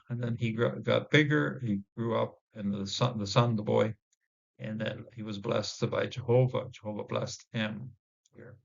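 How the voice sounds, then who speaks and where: A man teaching a casual Bible word study, pausing often with fillers and restarting his sentences as he sounds out Hebrew words slowly. His voice has a gravelly fry, and the recording is dull and lo-fi. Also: medium pitch. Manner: halting, many fillers and restarts.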